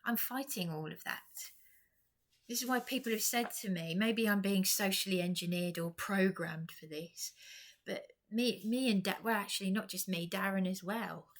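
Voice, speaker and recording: A woman's voice: medium pitch, moderate pace. An exhausted woman vlogger talking in a rambling personal monologue, repeating herself, restarting and dropping to whispers.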